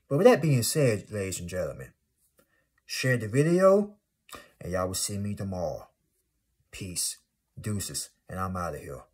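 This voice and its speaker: Male vlogger, lowish husky voice, fired-up motivational delivery. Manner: emphatic, repetitive, exclaiming. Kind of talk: casual motivational vlog.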